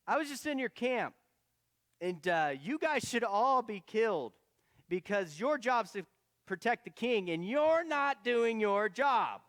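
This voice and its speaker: A man voicing a bold young male hero who calls out loudly and mocks his rivals, in a retold story within a sermon. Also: sits high, lively intonation, unhurried, long reverb tail, voice pushed up. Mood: mocking. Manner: mocking, loud, calling out.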